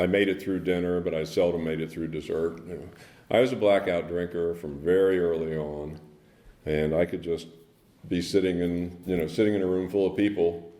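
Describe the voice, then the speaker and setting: A man giving a personal recovery story at a speaker meeting, halting, with many ums and restarts. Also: deep voice, warm tone. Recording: echoey meeting room.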